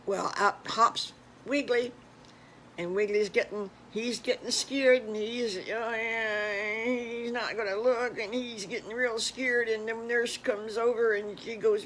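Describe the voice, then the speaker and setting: An older woman, a grandmother, improvising a children's story in a gentle, folksy, unhurried way. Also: on the high side, steady tone, slight background noise, rough recording.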